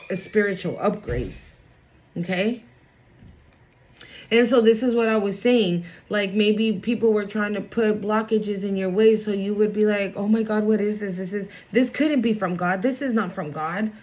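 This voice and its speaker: A woman's voice: mid-range voice, highs cut off. A woman giving a casual spiritual card reading to her viewers, chatty and blunt, swearing freely and reassuring them.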